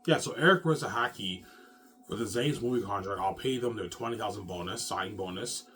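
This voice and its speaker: Agitated man ranting low-voiced. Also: fairly quick, a bit bright, slight background noise. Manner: agitated, repetitive, swears. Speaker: self-published author and vlogger. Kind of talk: rambling monologue to viewers.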